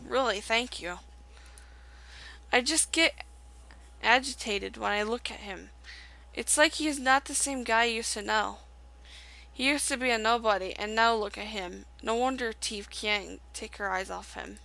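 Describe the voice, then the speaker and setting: A woman's voice: fairly high pitch, a little slow, gravelly, sharp tone, heavily acted, poor audio. A woman reading the lines of a bitter, jealous young man from a game, in her own voice. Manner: reading game dialogue aloud.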